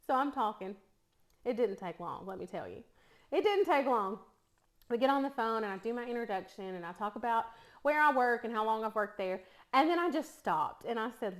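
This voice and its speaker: Chatty East Tennessee woman, higher voice. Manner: chatty storyteller, laughs often. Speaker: cooking vlogger. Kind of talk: casual chat while cooking.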